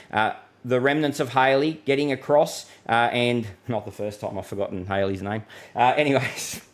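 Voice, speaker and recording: A middle-aged Australian man hosting a live weather stream, chatting casually and answering viewer comments in a matey way. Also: medium pitch. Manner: chatty and matey, reads viewer comments aloud, laughs easily.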